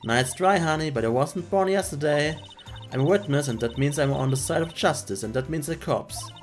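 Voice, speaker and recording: A streamer doing a loud Southern gal, folksy, sassy, game dialogue, faint music behind. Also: mid-range voice, moderate pace, lightly acted. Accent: American Southern. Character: brash drawling female Southern photographer. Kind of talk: reading game dialogue aloud.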